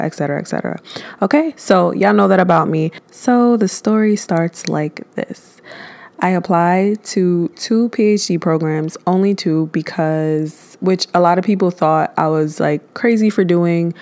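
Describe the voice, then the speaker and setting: A woman in her twenties hosting a podcast, telling a personal story in a candid, animated way and acting out her own past thoughts. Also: fairly low pitch. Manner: candid, animated retelling with lively quoted self-talk. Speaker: podcast host.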